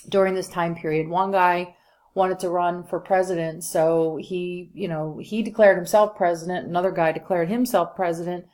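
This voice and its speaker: A woman with a slightly low voice gives a recorded history lecture over slides. She talks in a loose, chatty way, full of "um"s and quick asides to her students. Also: mellow. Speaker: history teacher.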